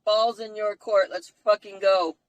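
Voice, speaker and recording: A woman's voice: medium pitch, fairly even intonation, a little slow, dry recording. Blunt woman chiming in on a stream. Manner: short blunt interjections. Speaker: live-stream co-host. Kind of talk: casual live-stream chat.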